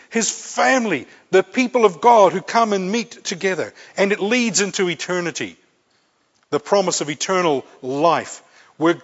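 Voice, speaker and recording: A man preaching a sermon, earnest and repeating key phrases for emphasis. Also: high voice. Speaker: pastor. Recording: dull lo-fi recording.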